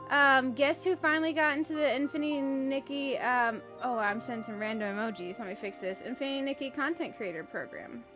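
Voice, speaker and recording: A woman with a slightly high voice streams a cozy game and talks casually the whole time. She giggles often and greets her viewers by name. Soft game music plays faintly behind her. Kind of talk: casual live-stream chat while playing.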